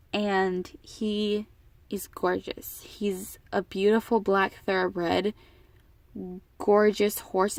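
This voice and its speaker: A woman's voice: mid-range voice, no room sound. A teenage girl telling a personal story to her camera in a casual vlog, emotional and rambling with frequent restarts. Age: teens. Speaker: vlogger.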